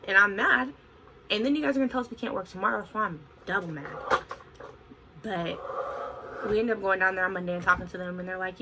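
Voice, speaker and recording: A young woman in her twenties telling a story on her vlog in an animated, expressive way, full of "like". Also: mid-range voice, fast, long pauses, noisy background. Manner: animated, expressive retelling with frequent "like". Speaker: vlogger.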